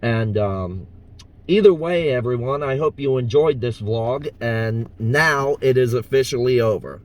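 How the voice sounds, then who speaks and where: A man's voice: mid-range voice, unhurried. A man from the US South talking casually in a vlog as an impressionist, hesitant and full of fillers. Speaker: impressionist vlogger.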